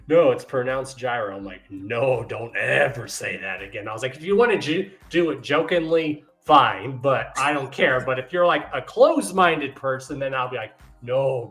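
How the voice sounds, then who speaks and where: A man's voice: medium pitch, moderate pace, soft background music. A man hosting a podcast, telling stories with acted-out quotes and frequent laughter. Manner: animated storyteller, acts out quotes, laughs often. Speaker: podcast host. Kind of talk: casual chat.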